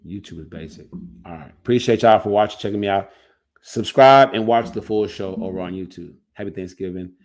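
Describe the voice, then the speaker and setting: A man with a fairly low voice talks loosely through a livestream, his thoughts trailing off and restarting mid-sentence. He sounds like a coach chatting casually to his viewers over a computer mic. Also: a little fast, a little mellow.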